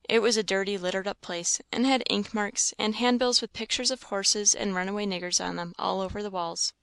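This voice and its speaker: A woman narrating a classic novel as an audiobook, reading in a steady storytelling way. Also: mid-range voice, vocal fry, dry recording.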